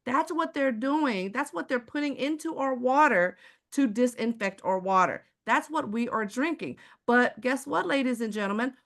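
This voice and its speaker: A woman's voice: on the high side, fairly bright tone. Emphatic Texan woman presenting live. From Houston, Texas. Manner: emphatic, rhetorical questions, addresses audience directly. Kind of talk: live online sales presentation.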